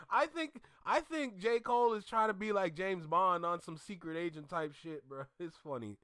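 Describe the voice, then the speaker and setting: A man in casual commentary, animated and mocking, laughing often as he reacts to a clip. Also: high voice, smooth, no room sound, clean studio sound.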